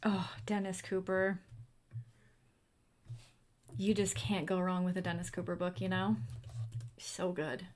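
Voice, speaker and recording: A woman's voice: fairly low pitch, level tone, measured pace, long pauses, a little mellow. A young woman hosting a livestream in a casual, chatty way, answering viewer comments as she goes. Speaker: livestream host. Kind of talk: casual chat.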